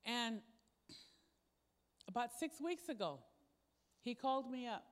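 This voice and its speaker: A woman's voice: a little high, animated, normal speed, long pauses. A woman pastor preaching a sermon, telling a personal story in a conversational way and acting out the dialogue. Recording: long hall reverb.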